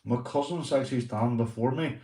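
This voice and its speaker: A man's voice: medium pitch, fast, mellow, reverberant, recorded from a distance, poor audio. A Northern Irish man telling stories on his livestream, swearing often and asking "right?" after almost every line. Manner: swears a lot, repeats "right?" and "mate". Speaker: livestream host. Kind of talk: casual livestream storytelling.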